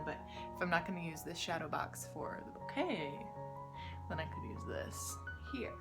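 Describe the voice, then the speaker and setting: A young pregnant woman chatting casually in a home vlog, full of "like" fillers and sometimes dropping to a soft whisper. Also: lowish voice, unhurried, loud music behind the voice. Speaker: vlogger. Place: her home.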